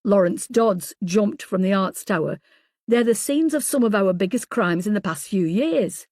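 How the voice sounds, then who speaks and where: A woman's voice: medium pitch, lively intonation, moderate pace, a little mellow, dry recording, clean studio sound. A woman reading the lines of a level-headed, matter-of-fact male detective in an audiobook. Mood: steady.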